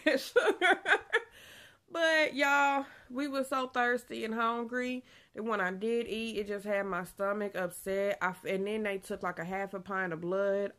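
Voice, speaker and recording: A woman's voice: mid-range voice, fairly bright tone. A young woman, chatting casually in a pregnancy vlog, a bit out of breath, laughing often. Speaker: vlogger.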